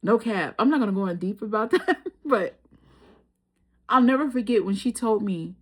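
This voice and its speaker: A woman's voice: medium pitch, lively intonation, moderate pace, long pauses, husky. A woman doing a tarot reading, telling a personal story in casual, slangy speech and laughing often. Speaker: tarot reader.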